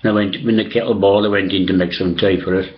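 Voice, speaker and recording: A man's voice: deep voice, steady tone, rapid-fire. Older Englishman rambling through memories. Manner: meandering, swears casually, many fillers and restarts. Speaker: storyteller recalling old days. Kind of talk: rambling reminiscence. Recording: dull lo-fi sound.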